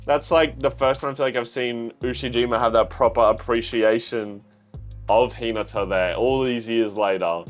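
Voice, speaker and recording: A young man with an Australian accent hosts a manga reaction, his voice sitting in a plain middle pitch. He bursts out with excitement, curses freely and reads the pages aloud between his reactions. Faint music plays behind him. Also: moderate pace. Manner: excitable, swears freely, gushes. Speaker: reaction channel host.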